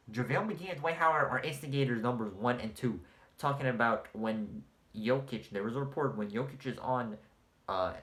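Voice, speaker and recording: A man's voice: mid-range voice, a bit bright, echoey room. A man ranting in a heated, sarcastic and profane sports vlog, mocking fans of a basketball team. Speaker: sports commentator.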